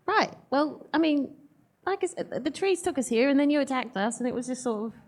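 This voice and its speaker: A woman's voice: high voice, expressive, fairly quick, a little mellow. A woman playing in a live tabletop game, giggly and playful. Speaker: player. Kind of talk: in-character tabletop play.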